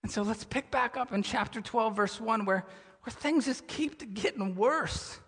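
Male pastor delivering a sermon; bright, forceful tone, reverberant sanctuary sound. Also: a little slow, gravelly, husky. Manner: animated storytelling, drops to a low somber tone.

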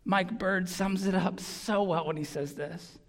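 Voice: medium pitch, fairly even intonation, unhurried. Earnest preacher in a reverberant hall. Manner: earnest, emphatic preaching with repeated words. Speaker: pastor. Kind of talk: sermon. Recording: long reverb of a large hall.

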